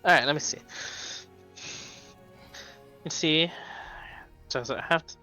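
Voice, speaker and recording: A man's voice: fairly high pitch, slow, sharp tone, faint music behind. Casual man running a tabletop game. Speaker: game master.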